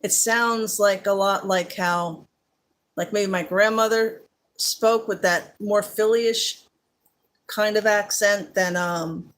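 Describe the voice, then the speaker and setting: A woman's voice: medium pitch, fairly even intonation, slow pace, a bit bright. A woman with a Central New Jersey accent, hosting a casual live chat with viewers, chatty and laughing often, with many fillers. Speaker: live-stream host.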